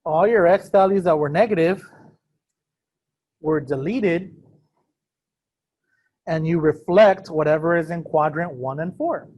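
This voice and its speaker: A man leads a math lesson in a classroom, his voice sitting a little high. He is casual and self-deprecating, and he keeps checking in with the class as he goes. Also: measured pace, pauses often, dull audio. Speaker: math teacher. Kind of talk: classroom lecture. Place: classroom with students also on a video call.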